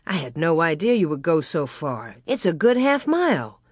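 A woman reading aloud, voicing a steady, protective frontier father who asks plain, firm questions. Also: low-pitched, moderate pace, no echo, clean studio sound. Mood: concerned.

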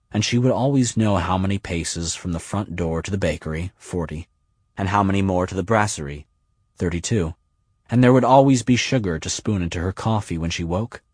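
Man, audiobook narrator, husky, deep, measured lyrical reading. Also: darkish tone, no room sound. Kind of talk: scripted narration.

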